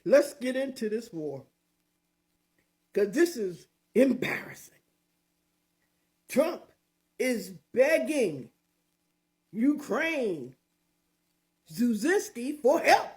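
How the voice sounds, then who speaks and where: A woman's voice: fairly high pitch, sing-song, drawn-out words, pauses often, darkish tone. An older woman hosting her own opinion show, talking in a sassy, mocking, emphatic way. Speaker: commentary show host. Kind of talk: opinionated commentary.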